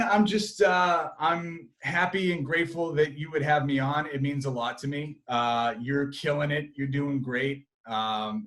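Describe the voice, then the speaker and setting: A young man, a sports reporter, chatting as an interview guest, animated and full of fillers and restarts. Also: medium pitch, low-quality recording. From Massachusetts. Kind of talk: casual interview chat.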